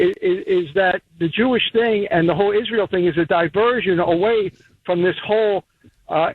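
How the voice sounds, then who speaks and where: A high-pitched caller from Rhode Island phones in to a radio show and rambles through his points, restarting as he goes. The call comes over a tinny phone line with no room sound.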